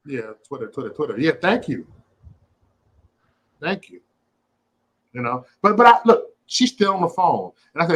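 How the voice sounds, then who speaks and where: A man hosting a casual livestream, telling a story in an animated, profane way and acting out the quotes. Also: fairly high pitch, normal speed, pauses often, husky, poor audio. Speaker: host.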